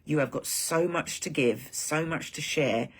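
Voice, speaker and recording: A woman's voice: deep voice, measured pace, breathy edge. A woman hosting a live stream for her group, talking in a rambling, heartfelt casual chat.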